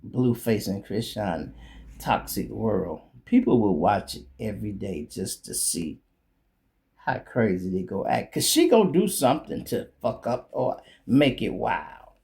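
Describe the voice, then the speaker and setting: A man's voice: on the low side, big pitch swings, a little slow, a little mellow. A male show host telling a blunt, profane comedic story in a streetwise manner.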